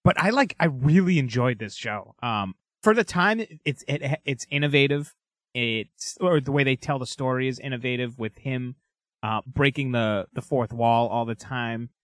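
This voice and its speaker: An emphatic man chats loosely on a podcast. He speaks at a middle pitch. The close, dry sound has no room echo. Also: moderate pace. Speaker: podcast co-host. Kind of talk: casual chat.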